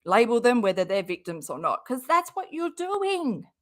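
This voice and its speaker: A woman's voice: fairly high pitch, very animated, moderate pace. A woman hosting a casual reaction commentary, blunt and swearing freely. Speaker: reaction host.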